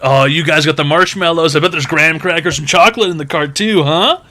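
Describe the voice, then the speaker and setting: A man putting on a prying, overly friendly grocery cashier who chirps small talk about every item. The voice sits a bit higher and brighter than the man's usual talk, cheerful and nosy. It is an unwelcome bright sing-song. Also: a little fast.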